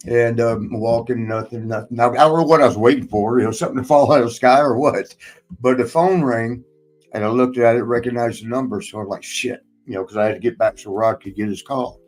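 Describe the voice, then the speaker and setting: A man's voice: mid-range voice, quick pace, faint music behind, poor audio. A man hosting a casual chat, telling a long personal story in a rambling way, swearing often and laughing between lines. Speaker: podcast host and former wrestler.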